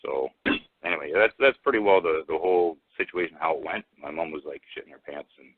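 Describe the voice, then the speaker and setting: A man telling a rambling personal story over the phone, halting with many restarts and fillers. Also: rumbling low, slight background noise. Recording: tinny phone line, dry.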